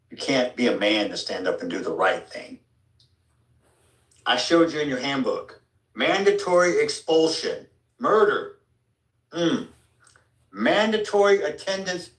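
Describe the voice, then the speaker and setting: A man's voice: lively intonation, measured pace, pauses often, fairly bright tone. Angry father, echoey and distant. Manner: bitter, accusing, low and heavy delivery. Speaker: father addressing a school board. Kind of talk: angry public speech. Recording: echoey room picked up from a distance.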